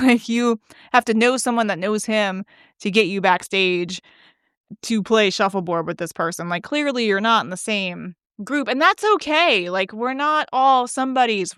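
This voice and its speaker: A woman's voice: medium pitch, a bit bright, clear, resonant tone, dry recording, clean studio sound. A woman podcast host telling a chatty, gossipy story, laughing often and filling her talk with likes. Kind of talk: casual storytelling monologue.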